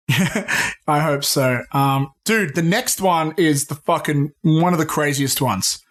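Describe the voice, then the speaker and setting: Excitable, foul-mouthed man on a podcast. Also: on the high side, slow. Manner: excitable, swears freely, says "dude". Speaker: podcast co-host. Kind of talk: casual pop-culture chat.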